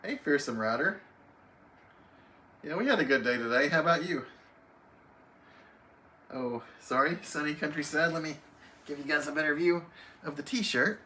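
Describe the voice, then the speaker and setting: A man's voice: on the high side, normal speed, pauses often, pushed and bright, slight background noise. A man hosting a casual livestream, greeting viewers one by one by name and chatting easily while reading the chat. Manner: friendly, reads chat names aloud, chatty. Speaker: livestream host. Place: home, alone on a live stream.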